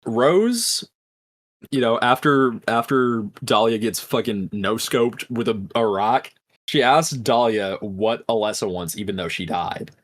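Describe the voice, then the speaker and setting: Male podcast host, casual recap, mid-pitched voice, swears a lot. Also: unhurried.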